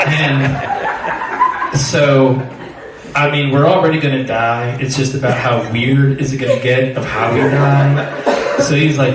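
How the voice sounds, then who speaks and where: A man's voice: medium pitch, expressive, a little slow, background noise. Man telling a rambling story, echoey and distant. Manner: rambling, profane, laughs through the telling. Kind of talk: live storytelling.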